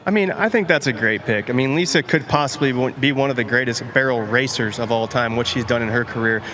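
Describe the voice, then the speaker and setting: A man analyst in a casual panel chat, talking with rapid, enthusiastic hype. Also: medium pitch, pushed and bright. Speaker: rodeo analyst.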